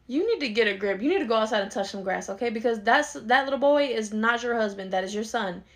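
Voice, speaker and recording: An exasperated young adult daughter arguing with her mother, sarcastic and quick-tongued, as a woman acts her out. She talks fast in a slightly high voice in this comedy skit. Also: animated, slight background noise. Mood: incredulous. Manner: argumentative, sarcastic. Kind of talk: skit role-play.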